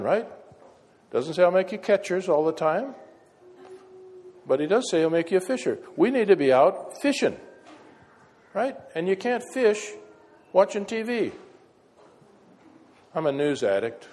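A man's voice: a little high, lively intonation, measured pace, pauses often, darkish tone. Man, preacher, folksy sermon, wry asides, reverberant hall.

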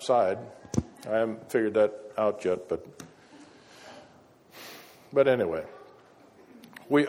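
A man's voice: medium pitch, darkish tone. A man preaching a sermon, telling folksy stories with wry asides. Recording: echoey hall reverb.

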